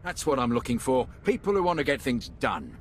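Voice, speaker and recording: A slick imperial army captain. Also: male voice, medium pitch, big pitch swings, a little fast, a little hiss or hum. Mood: brisk. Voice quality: slick salesman-like delivery. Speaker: military officer in a game. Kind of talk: game voice acting.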